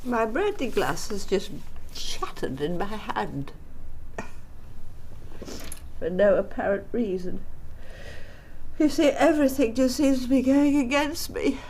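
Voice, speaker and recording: A melodramatic English widow. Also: female voice, on the high side, animated, slow pace, pauses often, noisy background. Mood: self-pitying. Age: middle-aged. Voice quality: melodramatic, sighing, fussy and prim. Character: dramatic middle-aged English widow, self-pitying. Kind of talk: TV drama letter reading.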